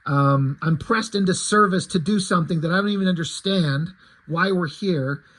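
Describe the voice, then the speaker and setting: A man's voice: high-pitched, moderate pace, a bit bright. A man reading aloud the lines of an irritable, restless aging male adventurer from a comic, in a testy, complaining manner.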